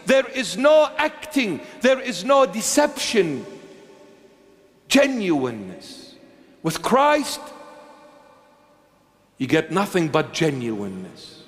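A bishop preaching a sermon in a church, emphatic and repetitive, swinging between loud insistence and hushed low phrases. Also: male voice, sing-song, slow, pauses often. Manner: emphatic, repetitive, dramatic swings in pitch and loudness. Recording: long reverb of a large church.

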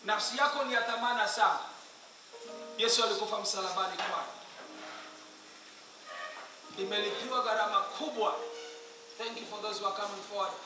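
High-voiced Kenyan preacher in echoey hall. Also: male voice, a little fast, pauses often. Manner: urgent, pleading, switching between English and Swahili, swelling to shouts. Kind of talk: altar call sermon. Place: large echoing hall at a school meeting. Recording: echoey hall from far off with music.

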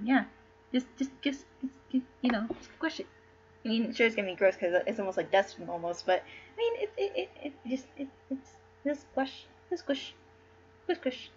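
On dull, lo-fi stream audio with a bit of hiss or hum, a fairly high-pitched woman reads a play aloud and chats casually. She rambles, giggles, and fumbles the names.

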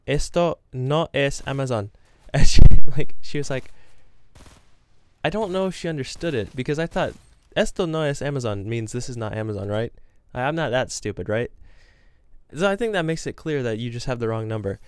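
A man's voice: medium pitch, clear, resonant tone, no room sound. A young man chatting casually to his camera, telling rambling, self-deprecating stories about work and games. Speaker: gaming vlogger. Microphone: camera with green screen.

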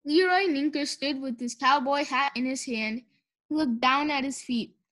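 A woman reads a children's storybook aloud in a high, bright voice. She is expressive and gives each character a voice of its own. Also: moderate pace. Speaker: audiobook narrator.

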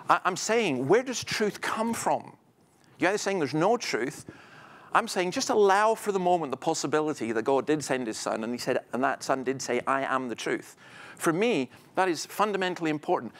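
A man's voice: on the high side, a bit bright. A middle-aged man giving a public talk, chatty and wry, telling anecdotes. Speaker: speaker. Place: event venue.

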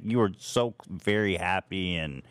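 A man's voice: low-pitched, unhurried, no echo. A man hosting a casual podcast chat, easygoing and jokey as he asks questions. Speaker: podcast host.

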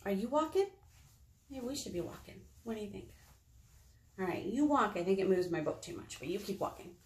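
Animated woman leading children's storytime. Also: mid-range voice, fairly quick. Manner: animated and encouraging, talking to young children. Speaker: children's librarian. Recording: roomy echo.

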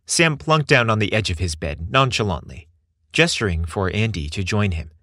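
A man reading a scripted story aloud with expressive, measured storytelling. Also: fairly low pitch, no room sound, studio quality. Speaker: narrator.

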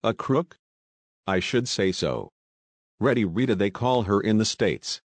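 A daring young woman sleuth, as a man puts her on leans in with sly, breezy talk and mock-American slang. The voice sits fairly low. It sounds dry and close. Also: animated, measured pace, no echo. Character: bold playful young woman sleuth, posing as an American detective.

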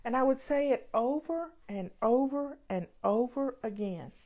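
Female show host, unhurried and affectionate, encouraging advice in a casual Q&A. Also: a little high, lively intonation, dark tone. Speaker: host answering viewer questions.

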